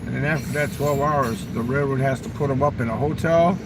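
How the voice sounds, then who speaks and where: A man's voice: mid-range voice, a little fast, background noise. A man telling crude stories in a rambling, profane casual monologue, outdoors near a railroad crossing. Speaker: vlogger.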